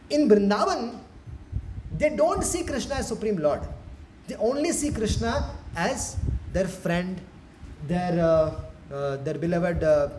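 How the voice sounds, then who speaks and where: A man giving a devotional lecture in a temple hall, telling stories animatedly with frequent restarts. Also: high-pitched. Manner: animated storytelling, many restarts. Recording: echoey hall, faint noise.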